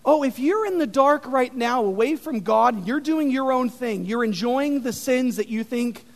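A man with a strikingly high voice preaches a sermon, animated and chatty, full of fillers as he tells his stories. His words carry a long, ringing reverb, as in a big hall. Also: moderate pace. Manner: animated, conversational storytelling with many fillers. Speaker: pastor.

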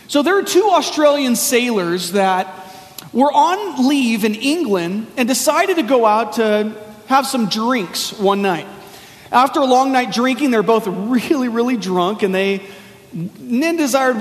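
A man with a very high voice preaches in a casual, storytelling style, easing into folksy slang as he tells his story. His voice rings out with the long reverb of a large hall. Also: lively intonation, unhurried. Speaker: pastor. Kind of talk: sermon.

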